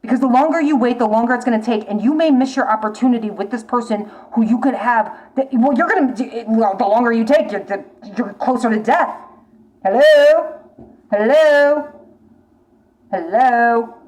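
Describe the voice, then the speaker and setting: A woman's voice: a little high, fast, few pauses, a little mellow, rough recording. A woman giving a tarot reading to a viewer, talking bluntly and urgently, swearing often and repeating her warnings. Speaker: tarot reader. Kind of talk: casual spoken tarot reading.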